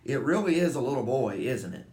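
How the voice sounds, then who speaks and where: A man's voice: mid-range voice, a little fast, natural voice. A man voicing a pompous, jumpy male fire chief in a storybook reading, exclaiming in an echoey room. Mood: excited. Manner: excitable, exclaiming.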